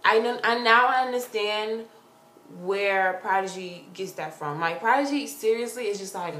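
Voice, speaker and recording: A young woman vlogging from her corner at home, telling a story in a gushing, excitable way with lots of "like". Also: medium pitch, normal speed. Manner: excitable, gushing, heavy use of "like". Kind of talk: casual storytelling vlog. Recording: roomy sound with faint hiss.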